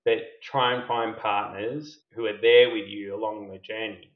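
A man's voice: on the low side, level tone, a little slow. A middle-aged man tells a self-deprecating personal story as a podcast guest, candid and laughing at himself. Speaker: company founder and CEO, podcast guest. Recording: roomy, slightly dull podcast audio.

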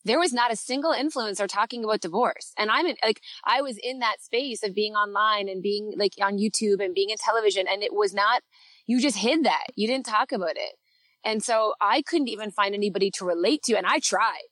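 She is a Canadian woman, maybe in her thirties, talking openly as a podcast guest. Her voice sits at an ordinary middle pitch and sounds close and dry. She rambles a little and pokes fun at herself. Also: fairly quick, fairly bright tone, no room sound. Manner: chatty, open and self-deprecating, many fillers. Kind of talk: candid podcast conversation.

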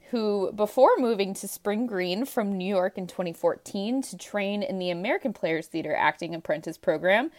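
A woman's voice: medium pitch, darkish tone. Female podcast host, giggly, casual chat. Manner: giggly, reads guest intro.

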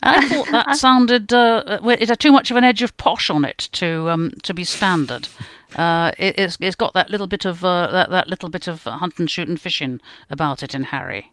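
A woman's voice: fairly low pitch, expressive, normal speed, dry recording. A woman columnist with an English RP accent, wry and self-mocking in a radio panel chat. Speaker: columnist, guest.

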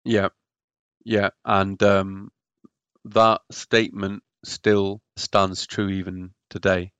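A man's voice: low-pitched, little pitch movement, takes it slowly, a bit bright, clear, resonant tone, no room sound. A man telling his own story as a podcast guest, hesitant and often repeating words. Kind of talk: personal story in a podcast interview.

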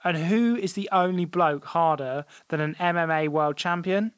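A man's voice: on the high side, normal speed, clean tone, no room sound, studio quality. A man hosting a comedy podcast, telling a story in a mock-dramatic, sweary way. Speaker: podcast host. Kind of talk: comedic casual chat.

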